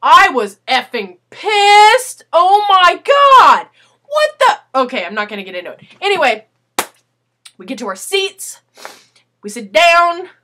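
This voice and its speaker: A young woman telling a story in a casual video letter, animated and swearing, acting out what people said. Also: on the high side. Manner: animated, swearing, acts out quotes.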